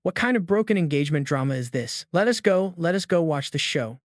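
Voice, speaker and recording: A man gives voice to a carefree young male cultivator in a manhwa recap. The delivery is breezy and amused, a touch high, with a close, dry sound. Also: animated, brisk, no room sound, lightly acted.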